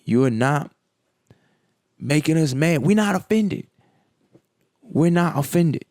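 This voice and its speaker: A man's voice: on the high side, lively intonation, slow, a little mellow, dry recording, studio quality. A man hosting a reaction video, ranting bluntly and scolding with profanity. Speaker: commentary host.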